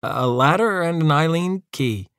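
A man's voice: mid-range voice, lively intonation, moderate pace, gravelly, no room sound, clean studio sound, voice pushed up. A man voicing an awkward, clumsy lanky young man who stammers and hesitates in an audiobook. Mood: puzzled.

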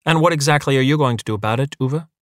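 A man's voice: mid-range voice, very fast, dry recording, voice pushed up, lightly acted. Brief: man playing a condescending bureaucrat, cool and unwavering, voice lifted a little, dry sound. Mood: smug. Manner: superior, unwavering. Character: smug, calm male council official.

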